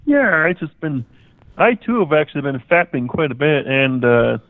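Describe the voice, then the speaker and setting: A man's voice: on the high side, big pitch swings, normal speed, no echo. A man calling in to a show, goofy and meandering, stumbling over made-up words. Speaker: caller. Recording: dry, tinny phone line.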